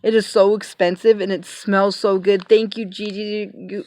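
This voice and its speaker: A woman in a casual unboxing vlog, talking in a grateful, emotional way with many pauses, fillers and restarts. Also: mid-range voice, darkish tone. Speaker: vlogger. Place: home, passing cars heard outside.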